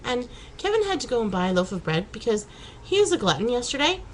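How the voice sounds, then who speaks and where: A woman's voice: fairly high pitch, big pitch swings, quick pace, a little hiss or hum, poor audio. A woman chatting casually in a home vlog, laughing and exclaiming as she talks. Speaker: vlogger. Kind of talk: casual chat.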